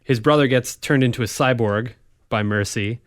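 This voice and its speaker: Soft-spoken young man on radio. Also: normal speed, no room sound, clean studio sound. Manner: soft-spoken, low-key explainer. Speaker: radio show intern and guest. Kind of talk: casual radio chat. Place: radio studio.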